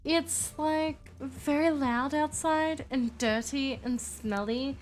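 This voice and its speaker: A woman's voice: sits high, takes it slowly, pitched above the performer's own voice. A woman voicing an ancient, squeamish and haughty vampire woman, in a prim, fussy, complaining manner.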